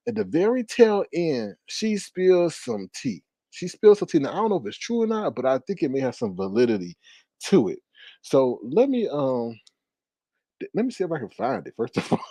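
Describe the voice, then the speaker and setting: A man hosts a casual livestream gossip show. He chats away to his viewers, laughs easily and keeps his pitch jumping around. The sound is dry and close. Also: mellow, dry recording. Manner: chatty, laughing, talks straight to viewers as y'all. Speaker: YouTube commentary host.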